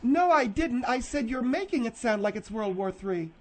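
A man in the radio studio, talking earnestly and haltingly. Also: very high voice, animated.

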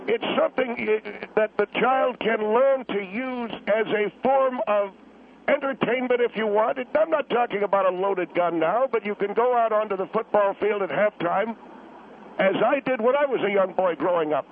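A man voicing an elderly male Korean War veteran who calls in on a tinny phone line and rambles, halting and repeating himself. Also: high voice, creaky, a little hiss or hum, voice pushed up. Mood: earnest rambling. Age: over 70. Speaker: caller.

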